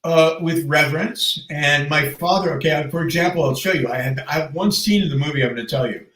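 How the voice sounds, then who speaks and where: A man in his fifties, a podcast guest, telling stories in an animated casual way and laughing often. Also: on the high side, quick pace, recorded from a distance. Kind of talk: casual storytelling chat. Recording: roomy sound, off the mic.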